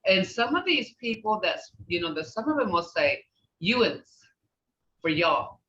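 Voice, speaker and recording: A woman's voice: medium pitch, big pitch swings, moderate pace, pushed and bright, a little hiss or hum. An older woman with an Oklahoma accent, a language teacher chatting through a class, laughing often and acting out sounds. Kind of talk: casual class talk. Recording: distant, dull, roomy sound.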